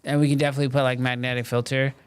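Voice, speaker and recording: A man hosting a live stream, chatting casually with viewers and answering their questions in a relaxed, conversational way full of "um" and "like". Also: medium pitch, very fast, clean tone. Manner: relaxed and conversational, many fillers like "um" and "like".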